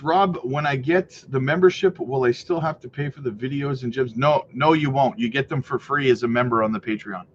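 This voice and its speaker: A man hosting a casual livestream, reading viewer comments aloud in an upbeat, hyped way, full of "you know" and "right". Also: mid-range voice. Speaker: crypto livestream host. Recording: slightly muffled with faint noise.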